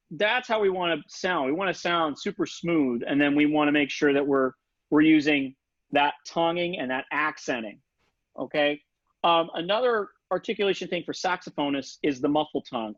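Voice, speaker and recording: A man with a slightly high, fairly bright voice gives a casual, chatty online saxophone lesson, scatting rhythms and articulations over a video call. He's a saxophone instructor working from a home setup for the virtual session. The audio is dull, lo-fi video call sound with no echo.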